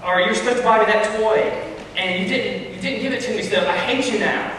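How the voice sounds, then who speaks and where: A spoiled little kid whines and gripes at a parent in a high, nagging voice, as a man puts it on. The sound comes from far off, with a long, roomy echo around it. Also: a little fast, a bit bright, slight background noise. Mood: whiny. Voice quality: whining, griping. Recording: echoey hall, far from mic.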